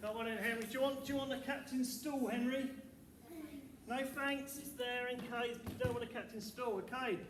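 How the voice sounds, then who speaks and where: Male teacher, high voice, upbeat and encouraging, echoey hall with audible background noise. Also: fairly even intonation, normal speed, distant mic. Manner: upbeat, encouraging, talks to children. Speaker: primary school teacher. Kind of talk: leading a school music assembly. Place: school hall, indoors.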